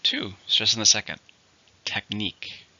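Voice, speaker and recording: A man teaching English vocabulary slowly and carefully, counting syllables and marking stress. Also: lowish voice, animated, sharp tone, highs cut off. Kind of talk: vocabulary lesson.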